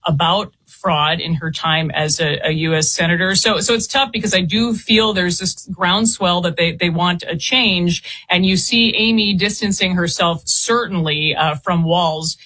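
Woman reporter as guest, bright but husky, halting answers with repeats. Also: lowish voice, low-quality recording. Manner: halting, repeats words while explaining. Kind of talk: interview guest.

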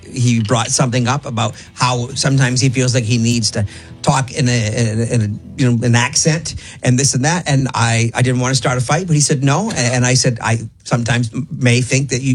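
A man's voice: medium pitch, a little fast. A man co-hosting a radio morning show, talking casually and easygoingly. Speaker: radio co-host.

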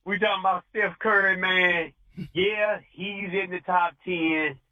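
Male caller, high pitch, emphatic, muffled phone line. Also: steady tone, unhurried. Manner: emphatic, preachy. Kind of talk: call-in opinion.

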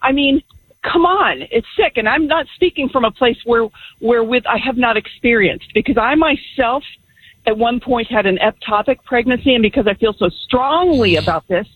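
A woman's voice: a little high, moderate pace, narrow, tinny audio, slight background noise. A middle-aged woman calling in to a radio show, talking earnestly and emphatically. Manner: earnest, emphatic, faith-driven. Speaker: caller. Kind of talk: call-in radio talk.

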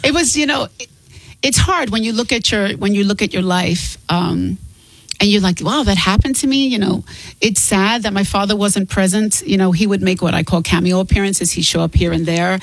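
A woman guest author talking candidly and earnestly in an interview, open and quick to laugh. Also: mid-range voice, vocal fry, dry recording, rough recording.

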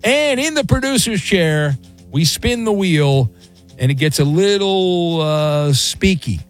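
A man's voice: high voice, expressive, takes it slowly, soft background music. A middle-aged man hosting a late-night sports talk radio show, rambling and joking with self-mocking asides. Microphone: studio microphone.

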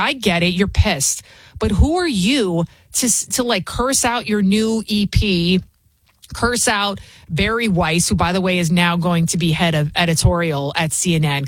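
A woman's voice: medium pitch, no room sound. Lady subbing as radio host, mocking and fired up, super dry close sound. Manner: combative, mocking, ranting. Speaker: fill-in radio talk show host. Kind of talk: opinionated talk radio monologue.

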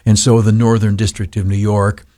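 A man's voice: lowish voice, little pitch movement, normal speed, warm tone, no room sound, clean studio sound. A male talk radio host giving blunt, opinionated commentary, rambling with many ums and uhs. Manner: rambling, heavy fillers, blunt.

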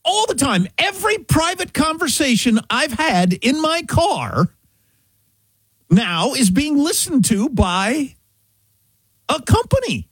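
A middle-aged man from Kansas, a talk-show host, telling a chatty, animated story in a casual way. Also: very high voice, takes it slowly, dry recording. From Kansas, USA.

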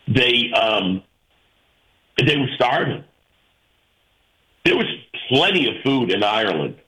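Slow, forceful male radio host. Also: medium pitch, low-quality recording. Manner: emphatic, argumentative, rhetorical questions. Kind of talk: call-in radio opinion talk.

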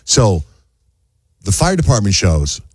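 A middle-aged man hosting a radio show, telling a story in a casual, animated way and acting out the people in it. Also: slow, breathy edge, dry recording. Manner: animated storyteller, acts out quotes in high voices.

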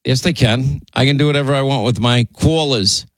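A man with a New York accent banters and teases on a talk radio show. His voice sits at a middle pitch, and the studio sound is dry and close, with no room echo. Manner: teasing, quick back-and-forth. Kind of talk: casual on-air banter.

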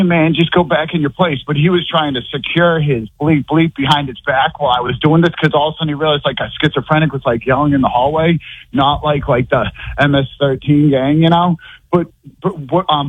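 A man's voice: on the high side, fairly even intonation, a little fast, breathy edge, dry recording. A man calling into a talk show by phone, rambling at length and filling his talk with "like". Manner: rambling, heavy use of "like". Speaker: caller. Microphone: telephone. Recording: tinny phone line.

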